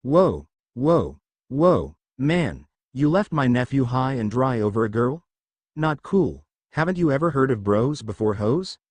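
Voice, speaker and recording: A laid-back uncle who loves to tease, as a male narrator puts him on. The delivery stays relaxed and jokey with a lively, rising and falling pitch. The sound is dry and close. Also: unhurried, dry recording. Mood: teasing. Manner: teasing, relaxed.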